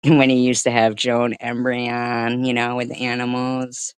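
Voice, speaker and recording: A woman's voice: a bass voice, monotone, normal speed, clear, resonant tone, no echo. A middle-aged woman hosting a live-stream commentary, swearing, sarcastic and mocking, and drifting into chatty stories. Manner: chatty storytelling.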